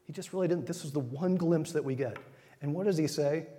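A man giving an informal sermon, retelling scripture in a conversational way with quick acted asides. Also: a little high, dark tone. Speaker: preacher. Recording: long hall reverb.

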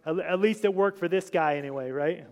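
A man's voice: on the high side, moderate pace, gravelly, a little mellow, dull audio. A man preaching an informal sermon, talking to his congregation with many restarts and asides. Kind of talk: informal sermon reading scripture. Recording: long hall reverb.

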